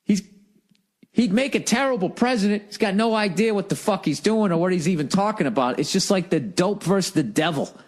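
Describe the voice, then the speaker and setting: A man's voice: sits high, lively intonation, a little fast. Swearing, ranting male podcast host. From United States. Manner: profane, ranting, sarcastic. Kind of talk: solo comedy podcast monologue.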